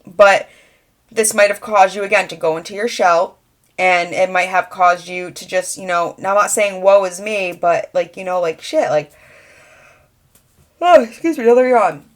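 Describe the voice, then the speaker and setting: A woman's voice: lowish voice, steady tone, normal speed. A young adult woman giving a rambling, conversational channeled tarot reading, full of fillers. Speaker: tarot reader.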